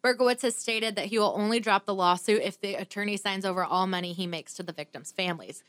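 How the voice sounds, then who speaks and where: A woman's voice: mid-range voice, fast, a bit bright, no echo. A woman co-hosting a podcast, reading her true-crime notes in a casual way with restarts and sassy asides. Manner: reads notes with restarts, mimics others with sassy voices. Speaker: podcast co-host.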